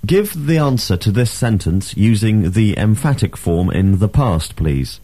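A man teaching a language lesson, reading drills and asking questions with clear, emphatic delivery. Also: fairly low pitch, very animated, measured pace, warm tone, no echo.

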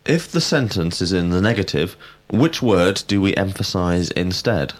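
A man giving a scripted grammar lesson, speaking in a measured, precise way and prompting answers. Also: sits low, animated. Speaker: language teacher.

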